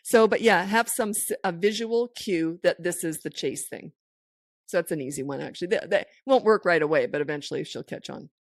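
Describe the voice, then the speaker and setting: A middle-aged woman hosts a parenting podcast, offering advice in a casual, goofy way, laughing often and acting out voices in her stories. Her fairly low voice moves fairly quickly, recorded dry with clean studio sound.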